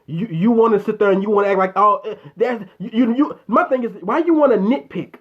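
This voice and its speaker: A man's voice: sits high, quick pace, highs cut off. A man hosting a casual live chat, ranting bluntly and with a lot of profanity at a viewer's comment. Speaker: show host.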